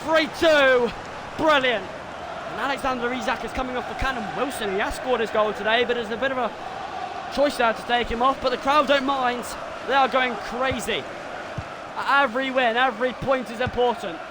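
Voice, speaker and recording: A man streaming a football game, commentating live and swinging between muttering and excited shouting. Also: very high-pitched, fairly quick, heavy background noise.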